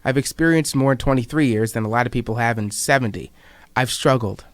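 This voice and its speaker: A man's voice: medium pitch, brisk, dry recording. A man in his twenties, a student writer, reading his own personal essays aloud with a wry, reflective manner. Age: 20s.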